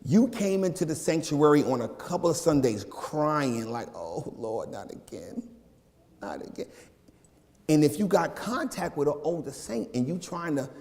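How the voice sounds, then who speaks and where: This man's voice sits a little high, and he keeps a moderate pace with hardly any pauses. As a minister, he delivers a slangy, laid-back sermon straight to his congregation, animated and full of asides, while the sanctuary's long hall reverb rings around him.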